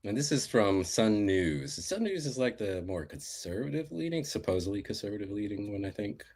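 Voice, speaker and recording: A man's voice: lowish voice, very animated, moderate pace, a little mellow. A man as a guest on a casual live-stream talk, telling a story with emphatic bursts and laughter.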